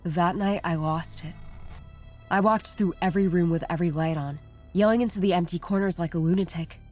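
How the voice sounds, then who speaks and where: A woman reading a first-person horror story aloud in a measured, somber storytelling manner. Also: on the low side, a little mellow. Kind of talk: scripted narration. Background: faint background music.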